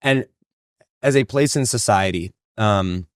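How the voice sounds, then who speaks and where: A man's voice: on the low side, a little slow, no echo, studio quality. A man hosting a podcast in casual interview chat, rambling and leaning on "right?" and "like". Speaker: podcast host.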